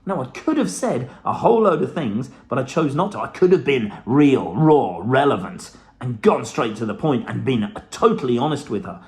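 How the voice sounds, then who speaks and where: A man's voice: medium pitch, very animated, moderate pace, few pauses, darkish tone. A middle-aged man giving a blunt, profane motivational talk to camera, with the odd laugh. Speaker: self-help vlogger.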